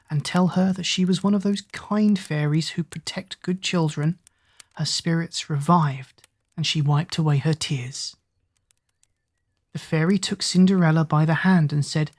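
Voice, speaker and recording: A woman narrating a bedtime fairy tale for children in a calm, soothing way. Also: low voice, moderate pace, husky. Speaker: storyteller.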